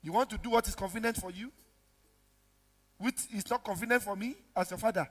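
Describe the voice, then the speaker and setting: High, lively male preacher in a hall. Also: brisk. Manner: animated preaching, acts out dialogue, big swings from shouts to mutters. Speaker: pastor. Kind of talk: sermon. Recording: reverberant hall with music behind.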